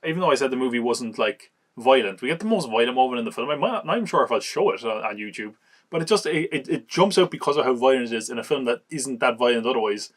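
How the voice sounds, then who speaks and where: A man casually reviewing an action movie on a podcast, chatty and amused, recapping scenes and acting out quick quotes. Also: medium pitch, animated.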